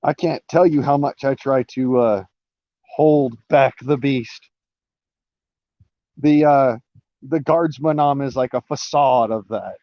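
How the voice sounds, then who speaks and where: A man speaks in a casual live-stream monologue at an ordinary middle pitch, wandering through his point with fillers, restarts and the odd curse. The sound is dry and close, with a slightly dull, lo-fi edge from the mic. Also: slow, long pauses, no echo. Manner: rambling, many restarts and fillers, swearing.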